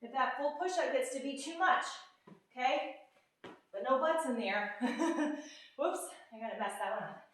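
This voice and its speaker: Breathless high-voiced woman leading a workout. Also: moderate pace, long pauses, a bit bright. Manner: upbeat, counting reps, out of breath while exercising. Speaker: fitness instructor. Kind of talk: workout instruction. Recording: echoey room, from a distance.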